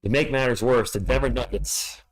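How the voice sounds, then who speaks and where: A man calling a live game as a fan play-by-play streamer. He is excitable, talks to his chat, and yells at the team, alone at home. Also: mid-range voice, moderate pace.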